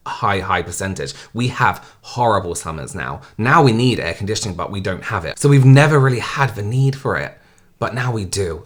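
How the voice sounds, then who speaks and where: A young man from England with a Hampshire accent, reacting to clips in loose, rambling chat full of fillers and restarts. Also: on the low side. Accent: southern English, Hampshire. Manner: rambling, many fillers and restarts, laughs often. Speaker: reaction video host. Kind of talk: casual reaction commentary.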